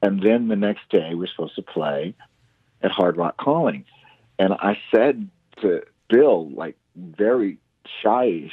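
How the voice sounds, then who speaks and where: A man with a very deep, husky voice tells stories in a casual interview, eager and animated. He acts out the lines of the people he talks about. The sound is thin and tinny, as if over a phone line. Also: measured pace, no echo. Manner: enthusiastic, animated storyteller acting out quotes. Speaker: musician guest, show host.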